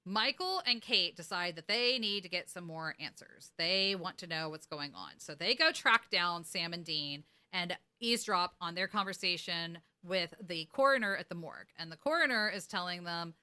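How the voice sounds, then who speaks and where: Bright-voiced woman podcast host. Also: fairly low pitch, moderate pace, few pauses, smooth. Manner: animated storytelling, acting out quotes, laughing. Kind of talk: casual recap chat.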